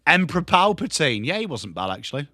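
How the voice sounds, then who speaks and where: An English man hosting a live football watchalong, chatting with his viewers and swearing casually while he calls the play and shouts at big moments. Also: a little high, big pitch swings, quick pace, no room sound, clean studio sound. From England. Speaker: livestream host.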